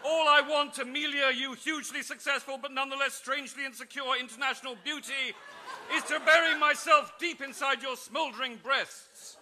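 A pompous, lusty aristocrat from a trashy romance novel, put on by a man reading aloud. His voice sits high and sounds very bright. He talks in a grand, impatient, overblown way. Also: steady tone, moderate pace, slight background noise, full character voice. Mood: impatient, lustful.

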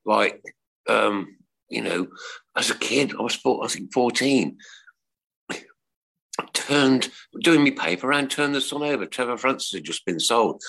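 A man's voice: mid-range voice, lively intonation, a little slow, gravelly, long pauses, a bit bright, rough recording. A man co-hosting a podcast, telling a wry personal story and joking with the others. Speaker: co-host. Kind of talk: casual podcast chat.

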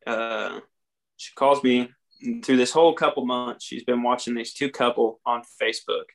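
This podcast guest is a young adult man with a drawl whose mid-range voice is creaky, steady in tone, and moderately paced. Candid and earnest, he recounts his recovery from addiction in plain words, reenacting things he used to say.

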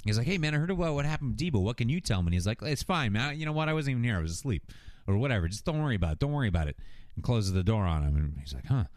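Male co-host, animated recapper, pitch jumping around, dry close mic. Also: rapid-fire, no room sound. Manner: animated storytelling, acting out characters' lines with swearing and laughter. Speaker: podcast co-host recapping a TV episode. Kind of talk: casual chat.

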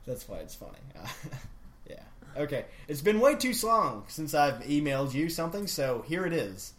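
A man's voice: on the high side, very animated, normal speed, a bit bright, a little hiss or hum. A man from Indiana hosting a casual podcast, joking around as he reads listener mail. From Indiana, USA. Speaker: podcast host.

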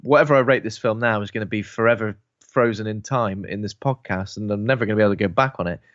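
A man's voice: on the low side, fast talker, a bit bright, dry recording, muffled recording. A man co-hosting a casual film podcast, musing about the plot and answering trivia with jokey asides. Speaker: podcast co-host.

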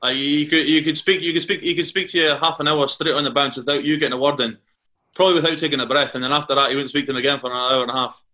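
A man's voice: a little high, steady tone, racing, sharp tone. A Scottish man from Carnoustie, a former footballer, chatting as a guest and telling rambling stories full of restarts and repeated words. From Carnoustie, Scotland. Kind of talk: casual podcast chat, anecdotes.

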